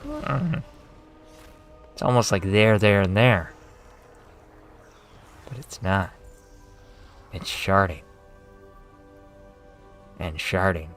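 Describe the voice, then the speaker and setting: A young man with a Canadian accent talks in a slightly low voice during a casual game stream. He rambles from thought to thought, swears freely and pokes fun at himself. Soft music plays faintly behind him. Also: lively intonation, very slow, pauses often. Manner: rambling, profane, self-mocking.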